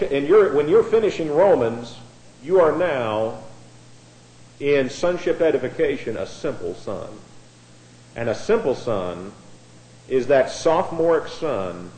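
A man's voice: fairly high pitch, darkish tone. A man preaching a Bible-teaching sermon in a conversational way, often repeating words as he starts a phrase. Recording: echoey room.

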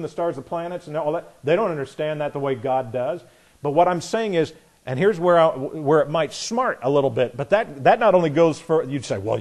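A man with a fairly high pitch preaches in a sarcastic, folksy manner. Quoting imagined voices and acting them out, he raises his volume on the punchlines.

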